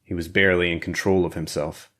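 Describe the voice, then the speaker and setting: Deep-voiced man narrating a thriller. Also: level tone, fast talker, a bit bright. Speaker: audiobook narrator.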